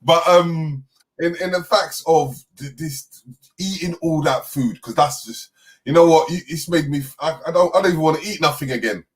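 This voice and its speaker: A man's voice: a little high, moderate pace. A man hosting a casual interview, asking questions with hesitant restarts. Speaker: interview host.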